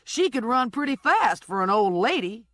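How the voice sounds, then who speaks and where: A woman's voice: fairly high pitch, very animated, normal speed, fairly bright tone, no echo, voice pushed up. A woman voicing a brash, bossy female sidekick who talks sassy and blunt.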